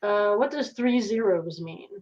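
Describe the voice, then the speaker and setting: A woman's voice: medium pitch, animated, unhurried, darkish tone, lo-fi sound. A woman playing a tabletop horror game who laughs often and sounds incredulous. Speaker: player.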